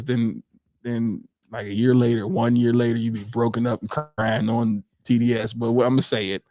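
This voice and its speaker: A man co-hosting a podcast, telling a story in casual chat, animated, acting out quotes and laughing often. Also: medium pitch. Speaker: podcast co-host.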